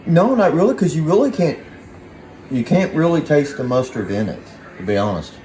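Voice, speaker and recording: A man's voice: fairly high pitch, big pitch swings, normal speed, dark tone, roomy sound, rough recording. A man taste-testing a home-cooked meal on a cooking vlog. He is laid-back, talks while chewing, and teases dryly. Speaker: husband taste-testing the food. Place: home kitchen.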